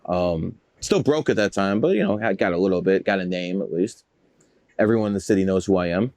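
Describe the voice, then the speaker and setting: A man with a fairly low voice spins loose, boastful stories, swearing freely and wandering off track. The sound is dry and close, with no room around it. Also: lively intonation, fairly quick, a little mellow, dry recording. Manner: boastful, profane, rambling. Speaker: guest, numerologist. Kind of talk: casual storytelling interview.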